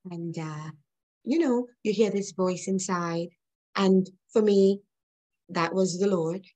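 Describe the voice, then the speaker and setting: A woman's voice: mid-range voice, slow pace, darkish tone, rough recording. A middle-aged woman guest, earnest and reflective, telling a personal story in an interview and laughing now and then.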